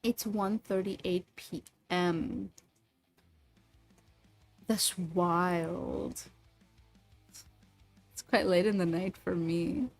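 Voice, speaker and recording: Woman streamer just chatting w/ chat, teasy and jokey, soft music playing low in the back. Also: fairly even intonation, very slow, long pauses. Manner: playful, teasing, lots of laughs. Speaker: livestreamer chatting with viewers. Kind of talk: casual livestream chat.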